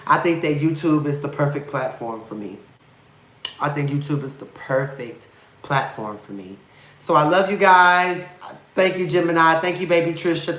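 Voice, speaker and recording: A man's voice: a little high, sharp tone, roomy sound. A man hosting a live reality TV review stream, chatting casually with viewers in a sassy, campy way, with lots of swearing and affection.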